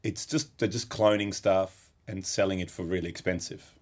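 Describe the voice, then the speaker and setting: A man's voice: sits low, steady tone, normal speed. A man co-hosting a casual chat, rambling and joking as he talks. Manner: rambling, chatty, jokey. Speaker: podcast co-host. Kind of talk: casual chat about guitar pedals.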